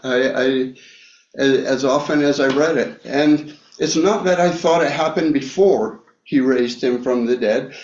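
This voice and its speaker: A man preaching a Bible study sermon, talking slowly with many fillers and restarts. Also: medium pitch, darkish tone. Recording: echoey room, dull lo-fi sound.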